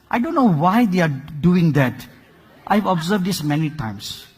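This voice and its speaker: A man preaching a sermon, telling a story with dramatic swings in loudness and rhetorical questions. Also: on the high side, very animated, measured pace, husky, long reverb tail.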